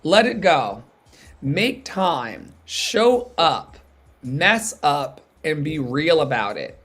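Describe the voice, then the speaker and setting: Man, playful, joking, reading notes, casual livestream host, higher pitch. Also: sing-song, extremely slow, fairly bright tone, breathy edge. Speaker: podcast host.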